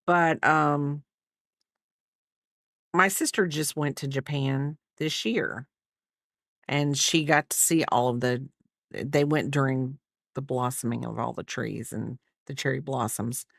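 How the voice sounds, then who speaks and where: Slow-talking American woman chatting on stream. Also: extremely low pitch, vocal fry, no room sound, studio quality. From United States. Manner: rambling, chatty, answers chat between stitches. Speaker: livestreamer crafter. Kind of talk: casual livestream chat while crocheting.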